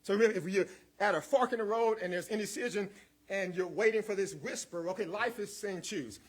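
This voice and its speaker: Male guest minister, high husky voice, rousing sermon delivery with repetition and call-and-response. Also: fairly quick. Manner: repeats words, builds in waves, calls on the congregation; chuckles between points.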